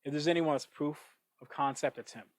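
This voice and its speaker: Man thinking out loud on a cheap mic. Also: on the high side, fairly even intonation, fairly quick, no echo, rough recording. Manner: thinking out loud, with frequent restarts and asides. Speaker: podcast host. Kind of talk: casual reflective monologue. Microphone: cheap microphone. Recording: dry, close cheap-mic sound.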